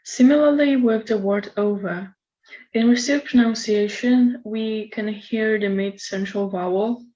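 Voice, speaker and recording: Woman giving a measured recorded lecture. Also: mid-range voice, warm tone. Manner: measured, explanatory. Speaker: presenter. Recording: slightly dull lo-fi recording.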